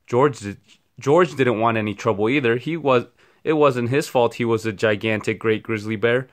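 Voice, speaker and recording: A man narrating a children's storybook at read-aloud storytime. His reading is steady and expressive, in a medium-pitched voice that suits a young audience. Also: normal speed.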